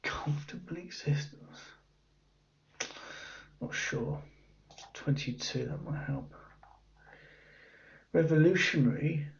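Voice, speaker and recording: A man's voice: a little high, warm tone. A man thinking aloud as he works through a cryptic crossword, musing and muttering the clues half to himself. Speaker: crossword solver. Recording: dull lo-fi audio.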